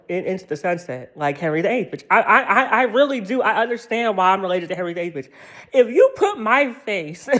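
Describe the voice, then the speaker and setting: An American woman ranting in a vlog, profane and rambling, laughing through her anger. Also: fairly low pitch. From United States. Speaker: vlogger.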